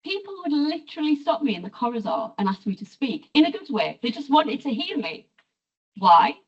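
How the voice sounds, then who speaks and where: Middle-aged Teesside woman, lecturer; husky, fairly high voice, recorded from a distance on a dull lo-fi mic. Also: very animated. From North East England. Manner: measured, explanatory lecturing. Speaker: sociolinguistics professor. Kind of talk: university lecture.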